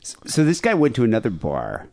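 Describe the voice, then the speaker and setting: A man's voice: mid-range voice, huge pitch swings, brisk, creaky, a little mellow. A man hosting a podcast, chatting casually and sarcastically about calls. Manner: sarcastic, joking. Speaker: podcast host.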